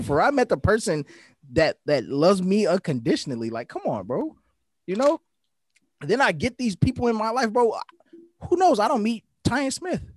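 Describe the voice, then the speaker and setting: A man's voice: sits high, breathy edge, no echo, studio quality. A young man in casual chat with friends, emphatic and heartfelt, cursing freely and repeating himself for weight.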